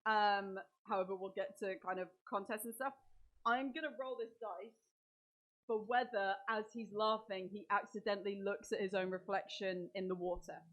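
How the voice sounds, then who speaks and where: A woman's voice: medium pitch, steady tone, moderate pace, fairly bright tone. A woman narrating as dungeon master, describing scenes vividly and talking through the rules aloud. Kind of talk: narrating a tabletop game.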